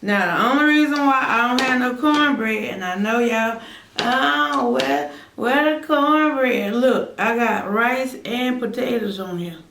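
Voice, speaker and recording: A woman's voice: fairly high pitch, moderate pace, few pauses, a bit bright, far from the mic, slight background noise. A woman hosting an eating vlog, chatting playfully, humming and savoring between bites. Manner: playful, teasing, talks while chewing with lots of mm sounds. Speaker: mukbang host. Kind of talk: casual eating vlog chat. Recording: roomy sound from off-mic with faint ambience.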